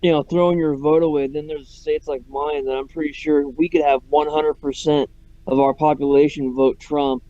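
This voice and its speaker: A man's voice: a little high, level tone, normal speed, dark tone, no room sound. A man in casual chat, rambling with many fillers. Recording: dull lo-fi audio.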